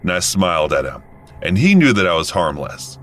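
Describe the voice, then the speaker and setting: A man in his thirties narrates a scripted first-person story. His voice is deep, and his intonation rises and falls a lot. He keeps a calm, matter-of-fact delivery. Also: normal speed, soft background music. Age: 30s.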